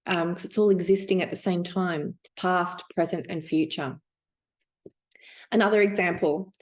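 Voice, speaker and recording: Unhurried woman, spiritual teacher, musing and casual. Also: lowish voice. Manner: slow, musing, with many fillers and restarts.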